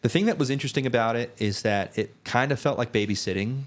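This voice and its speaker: A man's voice: mid-range voice, fast. A young man co-hosting a podcast, telling rambling stories in casual chat with lots of fillers. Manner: rambling, many restarts and "like" fillers. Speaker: podcast co-host.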